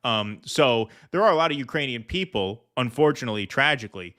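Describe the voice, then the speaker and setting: A man's voice: medium pitch, lively intonation, brisk, fairly bright tone. A man hosting a casual political commentary stream, blunt, sarcastic and profane. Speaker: host.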